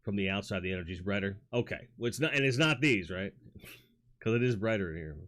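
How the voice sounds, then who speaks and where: This lowish, expressive male voice is a bit bright and a little fast, carrying a New York accent. He's a livestream host talking casually from the toy room at home into a studio microphone, rambling, reading chat aloud, and full of fillers and restarts.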